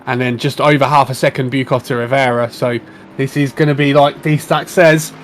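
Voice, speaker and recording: A man as co-commentator on a sim race, giving relaxed, conversational analysis. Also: medium pitch, moderate pace, slight background noise.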